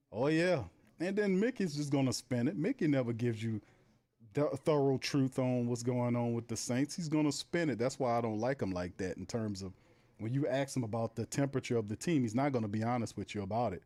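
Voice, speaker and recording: A man's voice: medium pitch, fairly quick. A man hosting a live football watch party, calling plays, reading chat messages and laughing in disbelief. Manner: animated, laughing, reads chat aloud, play-by-play. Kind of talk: casual live game commentary.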